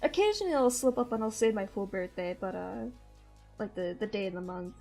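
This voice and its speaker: This young stream host's mid-range voice is gravelly, a little mellow, fairly quick, and lively in intonation. She has a blended Midwestern and Southern American accent and rambles through casual chat, laughing often, with faint music behind her.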